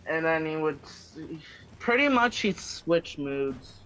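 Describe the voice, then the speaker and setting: A man chats casually, taking his time with each story. His voice sits slightly high, and a faint noise runs under the recording. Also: expressive, slow pace, fairly bright tone, poor audio. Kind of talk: casual chat.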